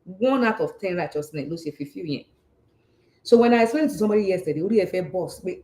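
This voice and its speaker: Warm-voiced Nigerian woman, animated host. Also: mid-range voice, fast. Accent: Nigerian Yoruba. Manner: animated and repetitive, with frequent rhetorical checks. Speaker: talk show host on personal finance. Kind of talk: casual teaching talk, switching between English and Yoruba. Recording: roomy echo.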